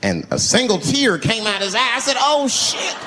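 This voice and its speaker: A man's voice: huge pitch swings, brisk, long reverb tail, background noise. A man performing a stand-up comedy set, telling stories and acting out the people in them. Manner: storytelling, acting out characters with big pitch swings.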